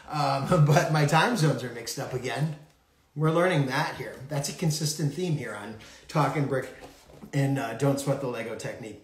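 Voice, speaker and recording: A man's voice: mid-range voice, reverberant. A man hosting a casual early-morning live stream, rambling and laughing often from a far-off room in a hotel. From United States. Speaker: podcast host.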